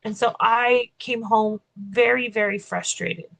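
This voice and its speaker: Speaking a little slowly with vocal fry, this woman has a fairly bright, higher-pitched voice, captured on a low-quality recording. As a podcast co-host and keynote speaker, she tells a story in casual chat, chattily restarting herself and saying "like" over and over.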